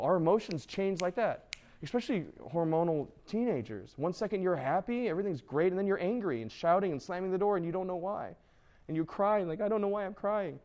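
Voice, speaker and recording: Animated man preaching to teens. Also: fairly high pitch. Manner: conversational, animated, acts out quoted voices. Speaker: youth pastor. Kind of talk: youth sermon.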